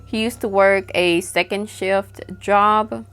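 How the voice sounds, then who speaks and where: A woman's voice: mid-range voice, fairly even intonation, slow pace, a bit bright, smooth, soft background music. Chatty woman telling a spooky story. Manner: chatty, peppered with "like" and acted-out quotes. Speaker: storytime vlogger. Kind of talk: casual spoken storytelling.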